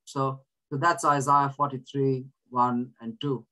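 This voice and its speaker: A man's voice: medium pitch, little pitch movement, a little slow, hardly any pauses, pushed and bright, rough recording. A man leading a group, reading scripture and teaching in an earnest way, often restarting his words. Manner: asks listeners to repeat verses. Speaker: prayer group leader.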